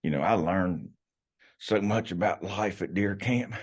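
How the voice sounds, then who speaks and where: Very deep-voiced man, rambling folksy talk. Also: lively intonation, takes it slowly, darkish tone, breathy edge. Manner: rambling, folksy, many restarts. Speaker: podcast guest, hunter. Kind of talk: casual storytelling. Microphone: podcast microphone.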